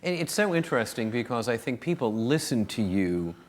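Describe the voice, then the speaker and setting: A man's voice: mid-range voice, very animated, a little fast, slight background noise. A man interviewing a guest, attentive, murmuring agreement often.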